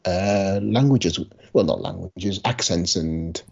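A man's voice: deep voice, slow, creaky, a little mellow, breathy edge, dull audio. A man co-hosting a podcast in casual chat, eager and loose, with trailing sentences full of fillers. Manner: enthusiastic, with many likes and trailing sentences. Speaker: podcast co-host.

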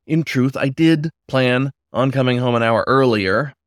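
A man narrates a first-person story in a measured, reflective manner. His voice sits at a middle pitch. The recording is dry and close, with no room sound. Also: no echo. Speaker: audiobook narrator.

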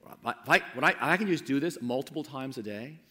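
A man preaching a sermon, impassioned and then hushed and intimate, with frequent restarts. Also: mid-range voice, animated, fast talker. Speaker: pastor. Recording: long hall reverb.

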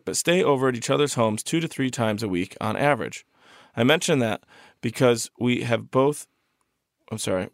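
A man's voice: mid-range voice, gravelly, dry recording, clean studio sound. A man co-hosting a podcast, chatting casually and reading a listener's letter aloud with goofy, joking asides. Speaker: podcast co-host.

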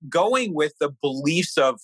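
Middle-aged guy, author on a podcast, pitch jumps all over, dry close mic. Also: unhurried, husky, no echo, rough recording. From New Hampshire. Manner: animated storyteller, lively pitch. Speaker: author and guest. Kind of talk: conversational interview, storytelling.

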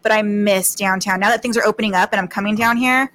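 Bright-voiced woman chatting casually. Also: mid-range voice, steady tone, fast talker, slight background noise. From New Mexico, USA. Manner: chatty, filler-laden. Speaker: guest. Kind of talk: casual interview chat.

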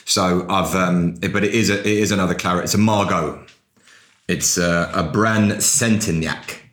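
A man's voice: sits low, fairly even intonation, normal speed, a bit bright. A middle-aged English actor, chatting wryly in an interview, often restarting his sentences. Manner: wry, self-deprecating, frequent restarts. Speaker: actor guest. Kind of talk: casual interview chat. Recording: echoey room.

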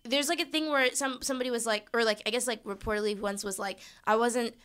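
A woman co-hosts a podcast in easy, casual chat. Her voice is bright and crisp. She tells her stories with animation. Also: on the high side, fairly even intonation, fast. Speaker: podcast co-host.

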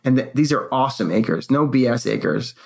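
Gravelly man telling a story casually. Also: medium pitch, normal speed. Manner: animated, acts out quotes. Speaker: co-host.

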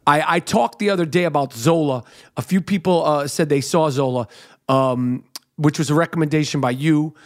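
A man's voice: on the high side, moderate pace. A man co-hosting a podcast, joking and teasing with profanity. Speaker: podcast co-host. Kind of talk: casual podcast chat.

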